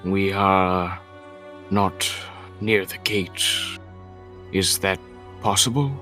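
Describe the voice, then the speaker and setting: A man's voice: low voice, fairly even intonation, very slow, sharp tone, soft background music, heavily acted. A man playing an undead male servant warrior who speaks in a grave, emotionless way in a tabletop game. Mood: solemn.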